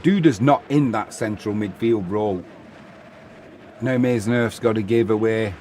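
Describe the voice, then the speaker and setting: A man's voice: medium pitch, warm tone, a little hiss or hum. A man hosting live football commentary, chatting and reading out viewer comments between plays. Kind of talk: live watch-along commentary.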